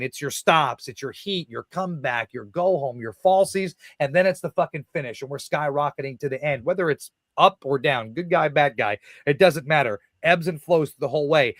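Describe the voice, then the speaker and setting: Male guest in his 30s, animated and profane, slightly high voice, dry close studio sound. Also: no room sound. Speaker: professional wrestler guest. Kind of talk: podcast interview, casual profane storytelling.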